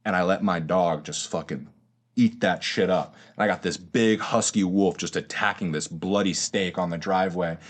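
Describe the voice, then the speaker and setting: A young man in his twenties with a low voice tells his story as a podcast guest. He talks in loose slang, swears freely and keeps saying bro. It is casual, run-on storytelling. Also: normal speed. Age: 20s. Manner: slangy and profane, says bro a lot.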